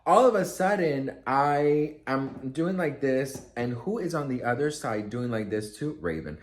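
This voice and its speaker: Male vlogger, conversational storyteller, very lively pitch, talks around the middle of the male range. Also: a little slow, slight background noise. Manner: chatty and expressive, acts out quotes, many fillers. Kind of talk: casual storytelling to camera.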